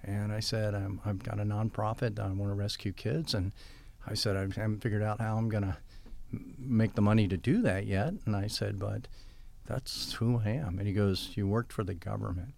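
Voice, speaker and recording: A man's voice: lowish voice, fairly even intonation, moderate pace, creaky, a little mellow. An older man telling long stories in an interview and acting out quoted dialogue as he goes. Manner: rambling anecdotes with quoted dialogue. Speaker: guest. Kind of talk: storytelling interview.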